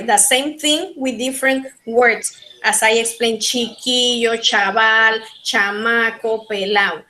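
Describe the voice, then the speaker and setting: A woman with a Panamanian Spanish accent teaching an online linguistics class in English, her second language, repeating key points slowly. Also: on the high side, sharp tone, low-quality recording. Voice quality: slow, repetitive teaching delivery. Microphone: video call.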